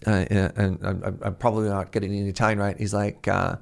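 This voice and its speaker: A man's voice: lowish voice, a little fast, creaky, few pauses. A man streaming a game, chatting casually, reading chat messages aloud and reacting to them. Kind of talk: casual livestream chat while playing.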